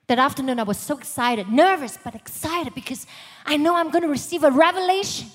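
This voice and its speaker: A woman giving a sermon testimony in a church, swinging from loud urgent passages to hushed whispers. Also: high voice, a little fast. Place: large church hall. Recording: long hall reverb.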